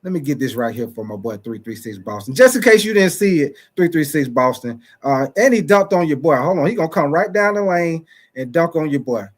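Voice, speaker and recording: A man hosting a sports livestream in a slightly higher voice, chatting loosely and repeating his points. He calls out viewers from the chat by name and slips into playful mock-preacher asides. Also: lively intonation, a little fast. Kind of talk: casual sports talk livestream.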